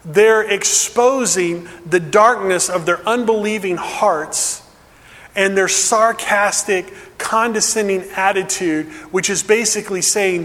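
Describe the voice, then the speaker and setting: A male pastor preaching a sermon earnestly, dropping to a hush and then building with emphasis. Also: high-pitched, slow pace, big-room sound.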